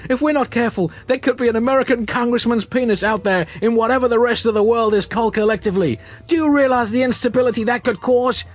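A man voicing an exasperated hard-boiled male private eye in a comic story reading, shouting in hysterical outrage. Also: sits high, big pitch swings, normal speed, slightly rough, full character voice. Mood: outraged.

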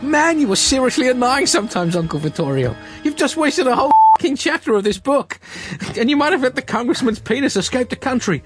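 An exasperated private eye who shrieks every line in high, strained outrage. The voice sits far above a normal speaking register and comes through loud and tense, with a thin haze of music underneath. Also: male voice, sing-song, normal speed, full character voice. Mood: outraged. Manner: shouting, hysterical outrage. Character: exasperated hard-boiled male private eye. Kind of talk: comic story reading.

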